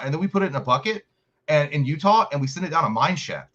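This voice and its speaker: A man rattles through viewer comments at a quick clip, rambling and swearing freely in casual podcast chat. His voice comes through dull and lo-fi. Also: on the high side, lively intonation, fairly bright tone.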